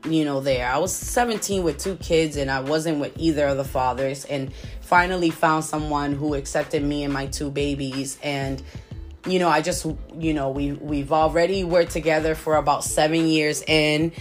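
A young woman telling a painful personal story in a halting, emotional way, with many restarts. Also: deep voice, steady tone, faint music behind. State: tearful.

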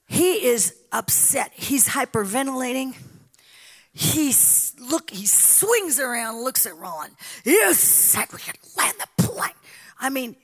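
High-voiced woman preacher, middle-aged, tells the story big, whispers then cries out. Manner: dramatic storytelling, swinging from whispers to loud cries. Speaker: guest preacher. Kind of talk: sermon storytelling.

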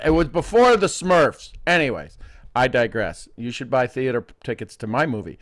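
A middle-aged man leading a live coaching session, playful and quick to laugh, often wandering off topic. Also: mid-range voice, expressive, a bit bright.

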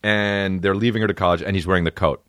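A man's voice: sits low, steady tone, fast talker, fairly bright tone, dry recording, studio quality. A man co-hosting a podcast, chatting casually and profanely while breaking down a movie trailer with silly impressions. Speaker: podcast co-host. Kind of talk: casual comedic chat.

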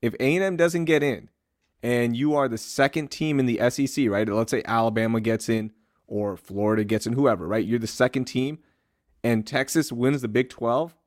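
A relaxed young adult man co-hosting a casual chat show, laughing easily and steering into promos. His voice sits dry and close, with no room sound around it. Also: mid-range voice, moderate pace, no echo. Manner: easygoing, laughs often, promotes segments. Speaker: co-host.

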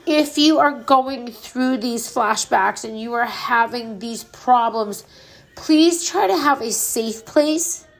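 Speaking slowly with vocal fry in a fairly high voice, this middle-aged podcast host talks about grief in an earnest, candid monologue. She swears freely throughout her personal reflections.

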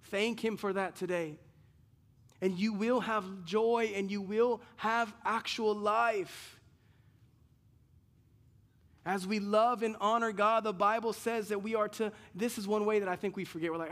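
High-voiced man preaching a sermon. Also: steady tone, measured pace, pauses often, fairly bright tone. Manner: earnest, repetitive, with frequent restarts and rhetorical questions. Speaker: pastor.

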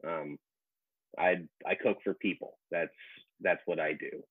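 Hesitant low-voiced man on a tinny line. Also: fairly even intonation, unhurried, breathy edge, dry recording. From New Orleans, USA. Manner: hesitant, many fillers, laid-back. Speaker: guest, professional cook. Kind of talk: casual podcast chat.

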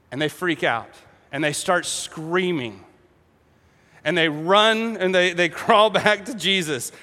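A man preaching a sermon, telling a story with animated energy, acting out voices and laughing along. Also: high-pitched, in a large hall. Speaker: pastor.

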